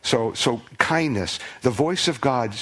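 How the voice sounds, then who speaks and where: A man's voice: mid-range voice, lively intonation, slow, a bit bright. A man preaching a sermon as pastor, earnest, often repeating words as he restarts.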